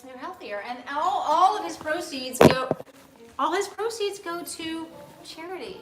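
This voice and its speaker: A woman's voice: extremely high pitch, a little slow, roomy sound, music in the background, low-quality recording. A woman from Boston chatting in her home kitchen, wry and rambling, swearing casually. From Boston, United States. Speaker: co-host and wife.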